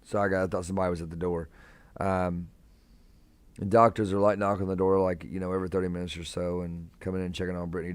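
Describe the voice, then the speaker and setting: A young man with a low, smooth voice chats easily on a live stream from a hospital room. He talks in a relaxed, friendly way, reading out viewers' names and calling them brother. The sound is close and dry, with no room echo. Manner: laid-back, calls viewers man and brother, reads chat aloud.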